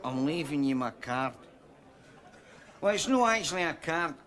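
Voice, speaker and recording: A man's voice: a little high, expressive, moderate pace, a bit bright. A man with a Glaswegian accent playing a boastful, drawling sitcom character. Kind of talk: sitcom acting.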